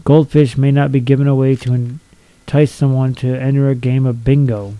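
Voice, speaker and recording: A man's voice: mid-range voice, steady tone, normal speed, warm tone, dry recording, rough recording. A young man reading out silly laws and mocking each one in a blunt, profane, sarcastic way. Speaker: video commentator.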